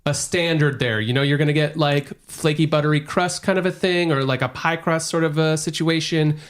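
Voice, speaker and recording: A man's voice: on the high side, fairly even intonation, brisk, smooth. A man co-hosting a casual podcast chat, rambling with lots of fillers and relishing his food descriptions. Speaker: podcast co-host.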